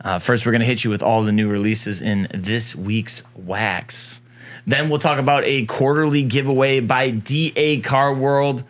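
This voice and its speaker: A man co-hosts a casual morning talk show, his mid-range voice unhurried. The banter is upbeat as he jokes around and teases his partner.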